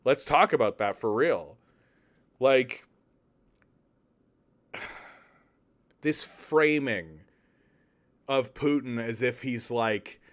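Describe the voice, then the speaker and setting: A man from Canada giving casual political commentary on an article, with profane, sarcastic, exasperated ranting. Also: mid-range voice.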